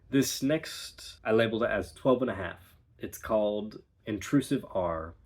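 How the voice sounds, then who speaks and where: A man's voice: lowish voice, animated, measured pace, hardly any pauses. A young man teaching pronunciation as a dialect coach, explaining patiently and encouragingly. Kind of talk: recorded pronunciation lesson.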